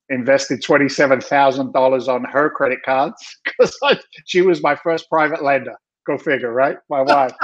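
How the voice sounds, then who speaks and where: A middle-aged man from England, a guest in a casual interview, telling his story in an animated, chatty way with frequent laughs and restarts. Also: mid-range voice. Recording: dull lo-fi sound.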